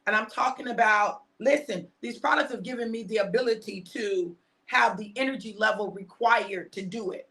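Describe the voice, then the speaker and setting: A woman in her fifties hosting a live stream, giving a casual motivational talk to her viewers. She speaks with heavy repetition and emphasis, preaching at times and dropping into hushed asides. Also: medium pitch, normal speed. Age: 50s.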